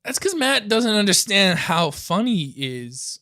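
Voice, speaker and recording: Male podcast host, slightly high voice, teasing, crude jokes, casual banter. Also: very animated, sharp tone. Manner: teasing, crude, quick to joke.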